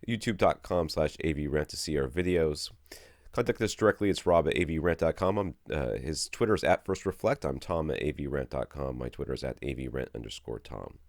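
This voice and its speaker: Deep-voiced sleepy podcast host. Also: male voice, dry recording, studio quality. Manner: sleepy, rambling, chuckling. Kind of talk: casual podcast chat.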